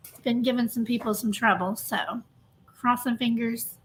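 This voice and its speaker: A woman's voice: fairly high pitch, steady tone, moderate pace, a little hiss or hum. Chatty woman streamer greeting viewers. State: emotionally drained. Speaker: true crime livestream host. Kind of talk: casual livestream chat.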